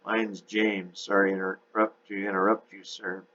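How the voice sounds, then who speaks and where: A man's voice: low voice, level tone, measured pace, sharp tone, full character voice. A man voicing a hesitant young man who stumbles over his words, in a dull lo-fi recording. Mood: nervous.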